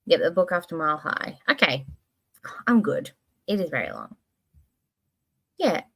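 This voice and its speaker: A woman's voice: deep voice, wildly swooping pitch, a little slow, gravelly, a bit bright, slightly rough. A woman hosting a casual livestream. She rambles from one thought to the next with lots of expression and a casual swear here and there. Now and then she reads comments from her chat aloud. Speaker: livestream host.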